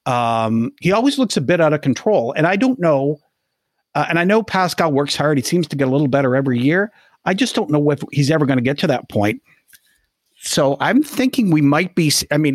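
A man co-hosting a sports podcast, measured and thinking aloud with frequent restarts. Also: a little high, big pitch swings, no echo, clean studio sound. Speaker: podcast co-host. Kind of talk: casual sports podcast chat.

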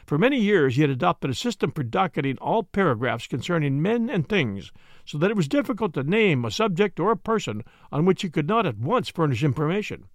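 A man giving measured, expressive scripted narration of a story. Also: on the high side, no room sound. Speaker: audiobook narrator.

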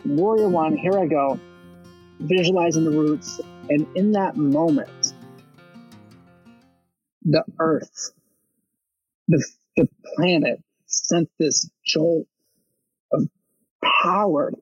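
A man's voice: fairly high pitch, takes it slowly, pauses often, highs cut off, soft background music. A veteran and motivational speaker from Baltimore, telling his story with swearing and acted-out quotes. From Baltimore, USA. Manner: animated storyteller with profanity, acts out quotes. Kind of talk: storytelling interview.

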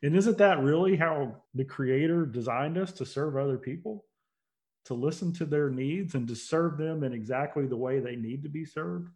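Guy being interviewed, earnest and reflective, kinda high voice, leans in on key points. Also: normal speed, darkish tone. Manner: earnest storytelling, self-reflective, builds to emphatic points. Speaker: interview guest, motivational speaker and company CEO. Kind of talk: casual conversational interview.

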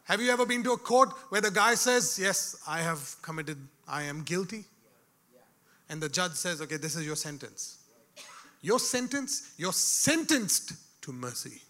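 Preacher guy, kinda high bright voice, quiet then loud, keeps asking the crowd hello. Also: lively intonation, normal speed. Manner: swings from hushed to shouted, calls out to the crowd. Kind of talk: sermon.

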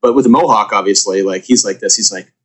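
A man guest on a podcast, talking in a blunt, lively way and quick to interrupt. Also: on the low side. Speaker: podcast guest, former baseball player. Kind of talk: casual podcast chat.

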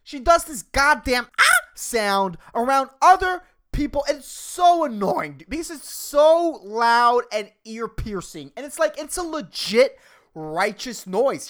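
A woman hosting a solo podcast, ranting sarcastically and swearing freely, and talking fast by her own account. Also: fairly high pitch, animated, a bit bright. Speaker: podcast host.

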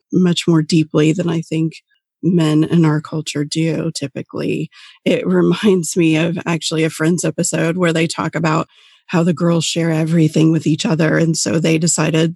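A woman's voice: deep voice, vocal fry, a little mellow, breathy edge, no room sound, clean studio sound. A woman hosting a podcast who talks in a reflective, conversational way about mothers' support groups. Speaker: podcast host. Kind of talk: casual podcast talk.

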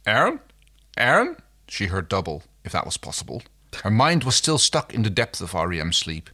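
A man's voice: sits low, big pitch swings, fairly quick, bright, forceful tone. A man co-hosting a casual chat, reading fiction aloud playfully and laughing now and then. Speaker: podcast co-host reading fan fiction.

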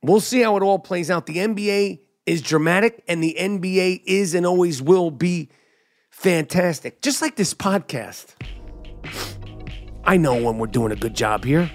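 A middle-aged man with a high voice hosts a podcast and rants through a sports monologue. He sounds animated and emphatic, jumping up in pitch to punch his points. He talks into a studio microphone. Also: moderate pace, faint music behind. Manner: animated, emphatic, drops to mock whisper. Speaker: podcast host. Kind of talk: energetic sports commentary monologue. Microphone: studio podcast mic.

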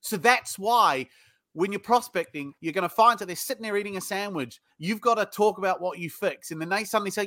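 A man's voice: high-pitched, a little fast, bright, forceful tone, no echo, clean studio sound. A man with a British accent, a sales trainer telling stories bluntly in a casual interview, swearing freely. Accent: British English.

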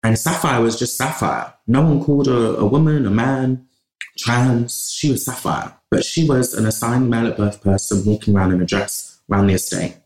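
Gravelly man, passionate. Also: medium pitch, normal speed, darkish tone. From England. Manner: passionate, talks in long runs with restarts. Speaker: podcast guest. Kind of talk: conversational interview. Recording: roomy echo.

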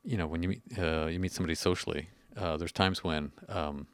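Very deep-voiced man on a podcast. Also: fairly even intonation, a little fast, no room sound. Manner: brief interjections, hesitant with fillers. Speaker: podcast co-host. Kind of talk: casual conversational podcast talk.

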